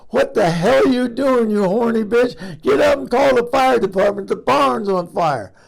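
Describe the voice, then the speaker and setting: A man voicing a much older, plainspoken husband who talks in a quiet, halting way. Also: medium pitch, vocal fry. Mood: furious.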